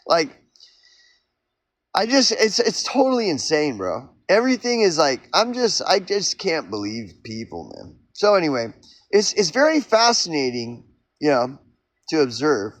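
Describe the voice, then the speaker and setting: A man's voice: fairly high pitch, huge pitch swings, moderate pace, no room sound. A man from Oklahoma on a profane, rambling solo rant, acting out mock back-and-forth arguments. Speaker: vlogger.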